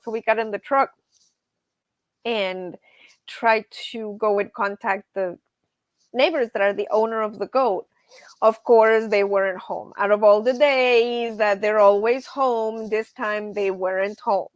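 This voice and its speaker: Animated woman hosting a live stream. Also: a little high, unhurried, no room sound. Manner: animated storyteller, says y'all, laughs often. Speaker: livestream host. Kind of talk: casual live-stream chat.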